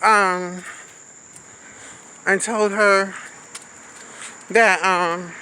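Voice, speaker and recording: A woman's voice: medium pitch, steady tone, extremely slow, bright, forceful tone, a little hiss or hum, rough recording. A woman telling a candid, sassy storytime in a casual vlog, recorded outdoors on a city street with a handheld phone. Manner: candid, sassy, says "honey" and "baby". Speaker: vlogger.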